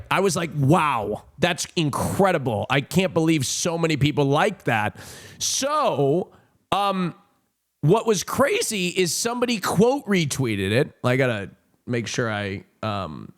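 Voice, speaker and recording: A young man talking casually to his stream from a home desk mic. He rambles and mocks himself, leaning on fillers. His voice is slightly high and swings widely in pitch. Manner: rambling, self-mocking, frequent fillers. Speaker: livestreamer. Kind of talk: casual chat.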